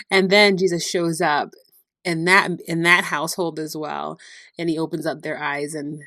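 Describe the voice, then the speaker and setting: A woman hosting a devotional podcast, retelling Bible stories in a lively storytelling way with frequent laughter. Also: on the low side, moderate pace, no echo, studio quality. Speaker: podcast host.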